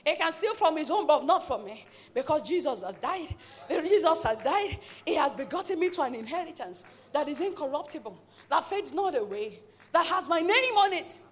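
A woman pastor preaching a fervent sermon in a church, urging the congregation to repeat after her and building to shouts. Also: high-pitched, very animated, moderate pace. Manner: fervent preaching with call-and-response, rising to shouts.

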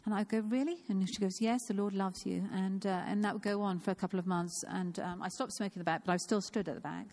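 A woman's voice: medium pitch, level tone, fast talker, hardly any pauses, a little mellow. Woman in her fifties, church speaker, earnest informal sermon, repeats key phrases. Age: 50s.

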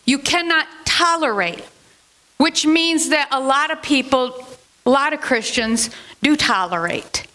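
A woman preaching in a relaxed, chatty way, asking questions and then answering them herself. Her voice is high and bright, and she takes her time. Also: measured pace. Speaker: Bible teacher. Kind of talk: casual sermon.

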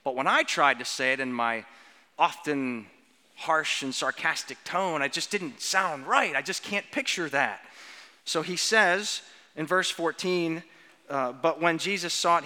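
A pastor with a fairly high, bright voice gives an earnest sermon. He stretches out key words and asks questions of the children. His voice rings through a church with a long reverb. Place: church sanctuary.

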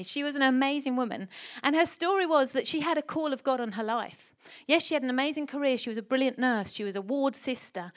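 With a voice on the high side, this middle-aged woman delivers an emphatic, lively sermon, asking the church one rhetorical question after another.

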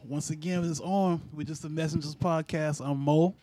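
A man's voice: on the high side, fairly even intonation, normal speed, mellow, no echo. A young man hosting a podcast in casual, slangy, rambling chat. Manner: laid-back, slangy, rambling. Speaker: podcast host.

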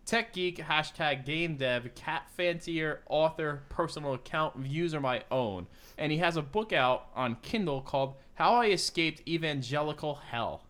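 Dude reading tweets out on a sports podcast, slightly high voice, casual. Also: male voice, unhurried, fairly bright tone. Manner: reads tweets aloud, laughing along. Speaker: podcast co-host.

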